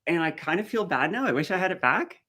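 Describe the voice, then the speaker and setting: A woman's voice: lowish voice, animated, fast talker, fairly bright tone, breathy edge. Middle-aged woman from the maritimes, faint accent left, live stream chat, talks back to viewer comments. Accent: faint Maritime Canadian. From Canadian Maritimes. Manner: chatty, answers viewer comments as she goes.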